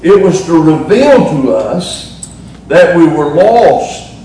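Appalachian preacher guy, high voice, slow folksy sermon, mic far off in a big echoey church. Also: very animated, mellow, slight background noise. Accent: Southern Appalachian. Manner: folksy, humorous preaching with drawn-out emphasis. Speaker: pastor. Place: church sanctuary.

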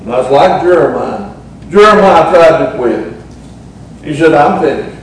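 A man's voice: on the high side, animated, measured pace, slight background noise. A middle-aged man with a Southern Appalachian accent preaching a sermon as pastor, folksy and humorous, drawing out words for emphasis. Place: church sanctuary. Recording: echoey church, mic at a distance.

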